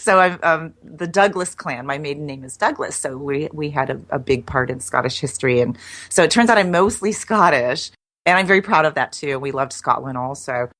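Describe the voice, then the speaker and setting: A woman's voice: low-pitched, lively intonation, fairly quick, a bit bright. A middle-aged woman guest chatting in an interview, talking in a loose, self-deprecating way with frequent restarts. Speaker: guest, copywriter. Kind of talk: casual interview chat.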